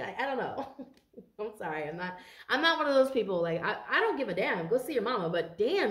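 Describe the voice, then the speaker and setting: A woman's voice: medium pitch, sing-song, a little fast, a bit bright, reverberant. A tired woman doing a casual tarot reading for viewers, chatty and rambling and swearing freely. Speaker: tarot card reader.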